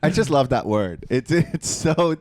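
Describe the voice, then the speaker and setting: A man's voice: a little high, lively intonation, unhurried, a little mellow, dry recording, clean studio sound. A man from Switzerland co-hosting a comedy podcast, chatty and playful in casual banter. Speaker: podcast co-host.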